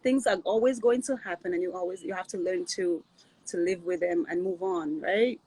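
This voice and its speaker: A husky-voiced woman in her thirties speaks in a casual, heartfelt way as a guest. She is earnest and reflective, repeats her points, and checks in with "right?". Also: fairly low pitch, moderate pace, warm tone, no room sound, rough recording. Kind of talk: casual heartfelt chat on a live stream.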